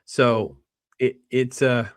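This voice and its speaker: A man hosting a casual film discussion, rambling with restarts and animated quoting of characters. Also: mid-range voice, extremely slow, no echo, studio quality. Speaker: podcast host.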